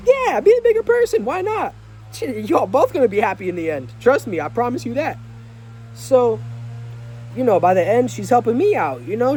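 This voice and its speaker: A very high-pitched, slightly mellow voice belongs to a young vlogger telling a slangy, filler-laden story outdoors while rain falls and a vehicle passes. He acts out the dialogue in different tones, and a little hiss or hum runs under the recording.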